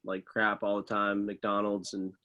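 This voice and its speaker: Low-voiced young man, loose and chatty. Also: measured pace, dull audio. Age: young adult. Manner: relaxed, loose, many fillers like "like" and "uh". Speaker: professional middle distance runner, guest. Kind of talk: casual interview talk.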